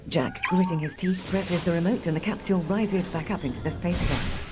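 A woman reading scripted audio description of a film in a measured way. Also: on the low side, very noisy.

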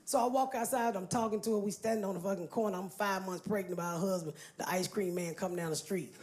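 A woman's voice: medium pitch, fairly even intonation, quick pace, darkish tone. Brash, profane woman doing stand-up. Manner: brash, profane, addresses the crowd directly. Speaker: stand-up comedian. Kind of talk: stand-up comedy storytelling. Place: comedy stage before an audience.

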